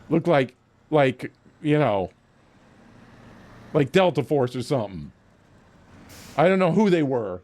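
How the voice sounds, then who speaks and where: A man streaming a game, telling a long story casually with lots of swearing and acting out his own lines. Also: on the high side. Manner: profane, animated storytelling with frequent restarts. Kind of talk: casual storytelling while gaming.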